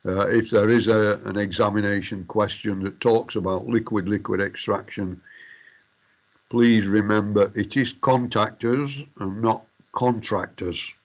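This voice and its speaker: A man's voice: lowish voice, level tone, moderate pace, highs cut off. A middle-aged man giving a university lecture, formal but hesitant, full of fillers and restarts. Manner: addresses students formally as ladies and gentlemen.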